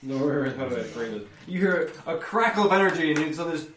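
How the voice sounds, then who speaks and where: A man's voice: a little high, animated, a little fast, fairly bright tone, roomy sound, recorded from a distance, slight background noise. A man narrating as game master, rambling and correcting himself as he describes the scene. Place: theater stage.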